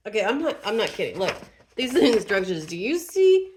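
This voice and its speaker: A woman's voice: medium pitch, sing-song, brisk, darkish tone, a little hiss or hum. A woman vlogger narrating casually to herself as she assembles furniture, chatty and self-deprecating.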